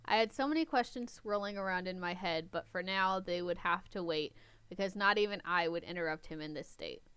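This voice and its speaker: A young woman with a smooth, clear tone reads a web novel aloud on a casual podcast. She reads with a dramatic touch and breaks off now and then to make her own comments. The sound is close and dry. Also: lowish voice, brisk, a bit bright, no echo. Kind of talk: casual read-aloud with banter.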